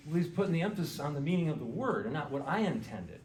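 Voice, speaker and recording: A man's voice: a little high, animated, rapid-fire, hardly any pauses, a little mellow, slight background noise. A man giving a casual lecture to a garden club audience, talking conversationally, quizzing the listeners and often saying "you know". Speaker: garden club speaker and author. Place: indoor meeting hall with audience. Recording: echoey hall recorded from far off.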